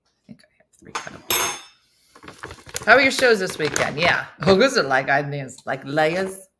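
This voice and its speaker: Bright, joking woman hosting a chat show. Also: deep voice, measured pace, slight background noise. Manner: animated, jokey, talks to viewers while cooking. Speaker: host. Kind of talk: casual morning show chat.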